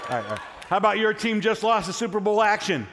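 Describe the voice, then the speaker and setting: A man's voice: sits high, quick pace, raised voice, background noise. Male pastor preaching in a reverberant church. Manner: casual storytelling, then energetic crowd prompting. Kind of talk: sermon. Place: church sanctuary. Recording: long hall reverb from a church.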